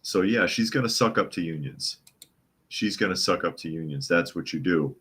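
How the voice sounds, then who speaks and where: A man's voice: low-pitched, expressive, moderate pace, a bit bright, breathy edge. A male podcast host giving live news commentary, reading viewer comments aloud with scornful chuckles. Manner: mocking, chuckling while reading chat comments.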